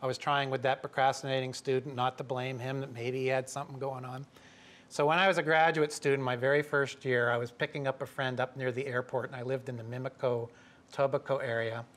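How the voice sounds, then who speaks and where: A middle-aged man from Canada telling a lively story to an audience, acting out the voices of the people in it. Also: mid-range voice, brisk. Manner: lively, acts out quoted voices. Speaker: professor telling a story at a talk.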